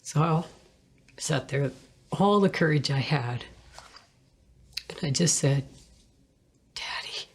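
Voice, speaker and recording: A woman with a low voice tells her personal faith testimony. She speaks earnestly and reflectively, pausing and restarting as she goes. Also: a little mellow, husky.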